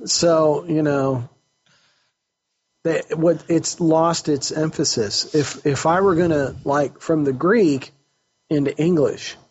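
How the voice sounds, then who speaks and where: A man's voice: fairly high pitch, takes it slowly, a little mellow, husky. A man hosting a casual talk about faith as a counselor, earnest and often restarting his phrases as he searches for words. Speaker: counselor host. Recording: dull lo-fi recording.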